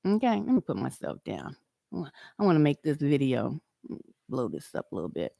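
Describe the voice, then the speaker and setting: Rumbling low, dark and creaky, this woman's voice swoops wildly in pitch and runs a little fast, recorded at studio quality with no echo. A YouTube commentator in a reaction video, she mocks and confronts a man directly, drawing out words and repeating them for emphasis.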